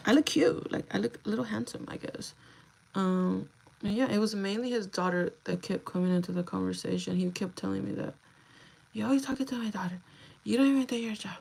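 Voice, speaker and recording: A young woman livestreaming, telling a story to her viewers in a chatty, animated way, swearing freely and slipping into Spanish. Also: lowish voice, vocal fry, low-quality recording. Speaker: livestream host.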